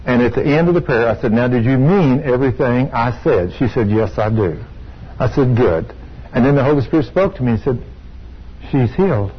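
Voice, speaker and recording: Older preacher, husky, storytelling sermon with excited praise, dull recording. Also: male voice, medium pitch, fairly quick. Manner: storytelling, rising to excited exclamations. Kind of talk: sermon with testimony. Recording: dull lo-fi sound.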